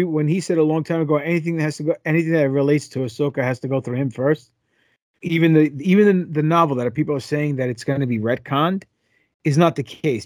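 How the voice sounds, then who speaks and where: Male podcast host, slightly high voice, dry close sound, loose and jokey. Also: a little mellow, no room sound. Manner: loose, stumbling, joking. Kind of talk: casual podcast chat, reading news items.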